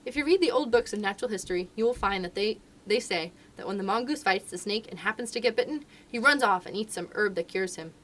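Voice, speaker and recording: Expressive woman reading a storybook aloud. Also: mid-range voice, fast talker, hardly any pauses. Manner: expressive, lively narration. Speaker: children's librarian.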